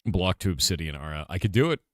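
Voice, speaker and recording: Speaking fast in a low voice, a male game developer banters casually with his stream chat, questioning viewers, wondering aloud, and letting loose animated, emphatic outbursts. The recording is dry and studio-clean.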